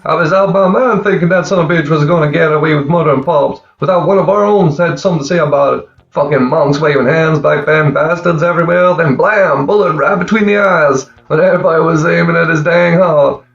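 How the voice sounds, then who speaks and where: A rowdy, raspy young thug pitched high and hollering with glee, as a male narrator puts him on. His gravelly edge comes through a slightly dull recording, with a faint guitar underneath. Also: fairly bright tone, echoey room. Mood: giddy, shouting. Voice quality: raspy laugh, rapid rough slang. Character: excitable, foul-mouthed young man gloating loudly.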